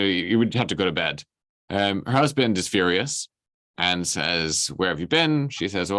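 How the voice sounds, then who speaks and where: A man with a fairly low voice leads a relaxed lesson, retelling a story in everyday words. He keeps checking in with "right?" and briefly acts out what each character says. The sound is dry and close. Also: dry recording. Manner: conversational, asks "right?" often, acts out the characters' lines. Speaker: teacher.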